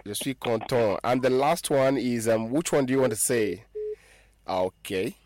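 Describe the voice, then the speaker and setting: A man's voice: mid-range voice, measured pace, darkish tone, no echo. A man hosting a call-in radio lesson, patiently coaching callers to repeat phrases and laughing easily. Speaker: radio host teaching French.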